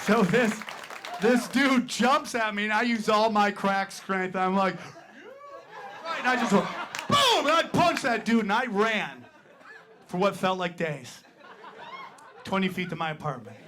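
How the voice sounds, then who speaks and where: A man's voice: high-pitched, a little slow, pauses often, crowd noise, noisy background. A male stand-up comedian telling a crude, brash story to a live audience in a comedy club.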